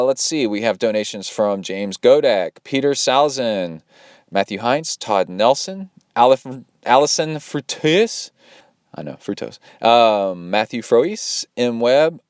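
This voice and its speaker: Fairly low and smooth, this triathlon coach's voice carries his solo podcast, where he chats loosely with lots of fillers and side remarks. The recording is dry and studio quality.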